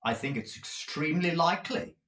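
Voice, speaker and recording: Casting: man playing an indignant young teacher, restrained, lively pitch. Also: a little fast, echoey room. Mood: defiant. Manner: firm, defiant, restrained.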